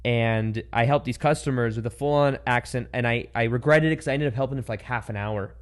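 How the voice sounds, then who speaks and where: A man's voice: mid-range voice, brisk. A young adult man hosting a casual chat, telling stories animatedly and laughing as he goes. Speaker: podcast host.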